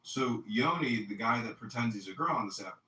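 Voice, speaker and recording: Animated man in an echoey room. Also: mid-range voice, brisk, far from the mic. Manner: animated, profane, storytelling. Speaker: political candidate hosting a talk stream. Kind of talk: casual political chat. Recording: echoey room, off mic, faint noise.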